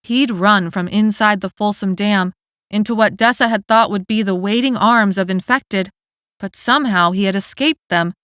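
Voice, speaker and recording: A woman narrating an audiobook in a steady, clear storytelling manner, recorded on a studio mic. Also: mid-range voice, moderate pace, no echo. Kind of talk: scripted narration.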